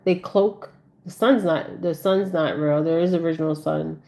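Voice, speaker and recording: Low flat-voiced woman with many "okay?"s. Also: moderate pace, gravelly. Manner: rambling, repeats "okay?" often. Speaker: spiritual speaker. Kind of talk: casual monologue.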